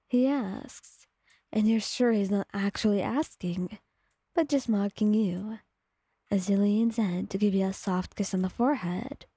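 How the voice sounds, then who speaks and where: Brief: woman storyteller, slow, breathy and mellow, dry close mic, soft ASMR narration. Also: mid-range voice, no room sound. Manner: calm, slow second-person storytelling.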